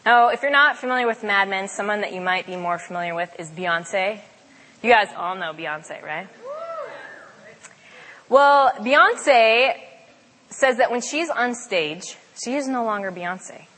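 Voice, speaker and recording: A woman's voice: medium pitch, animated, unhurried, fairly bright tone. A young woman on a campus ministry staff giving a casual, chatty sermon talk with frequent fillers. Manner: chatty, self-deprecating, with fillers. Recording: long hall reverb.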